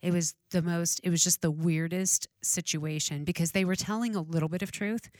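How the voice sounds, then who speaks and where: A man's voice: on the high side, fairly even intonation, moderate pace, dry recording, studio quality. A man recounting events thoughtfully in casual conversation, with hedging fillers like "you know" and "um.".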